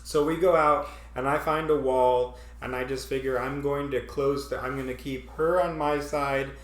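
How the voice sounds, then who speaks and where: A man's voice: mid-range voice, normal speed, echoey room. A man hosting a casual chat, telling a story with frequent laughs and acted-out panic. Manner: animated, laughing often, acts out his own panic. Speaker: podcast host.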